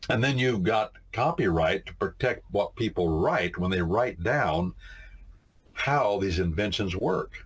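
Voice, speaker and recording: Deep husky-voiced man lecturing. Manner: emphatic, repeats "no, no, no" and addresses "my friends". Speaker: lawyer teaching a civics catechism. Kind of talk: informal lecture with anecdotes.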